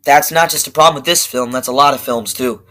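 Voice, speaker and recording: A young man giving a casual movie review, rambling and excitable, swearing constantly and restarting his sentences. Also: medium pitch, fairly quick, low-quality recording. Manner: profane, excitable, rambling with many fillers and restarts.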